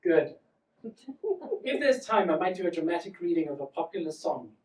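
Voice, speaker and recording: A man's voice: fairly high pitch, animated, normal speed, a little mellow. South African man in his 40s, wry solo storyteller, echoey stage, heard from afar. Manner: wry, self-deprecating. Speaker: comedian and solo performer. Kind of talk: stand-up storytelling. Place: theatre stage. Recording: echoey theatre from far off.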